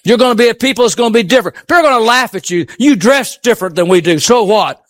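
A man with a high voice preaching a sermon to his congregation. He presses his points with rhetorical questions and swings from ringing high exclamations down to quiet, low murmurs. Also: animated, racing.

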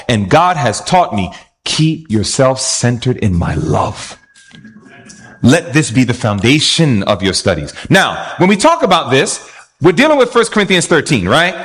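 A man's voice: a little high, fairly bright tone. A man preaching a sermon, asking his listeners rhetorical questions.

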